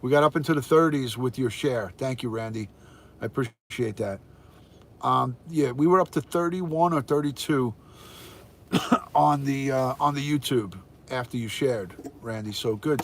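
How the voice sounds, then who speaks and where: He has a medium-pitched voice and a normal pace. The speaker is an older man from the United States, a retired detective who hosts casual phone live streams, cheerily naming viewers as they arrive and reading out the number watching.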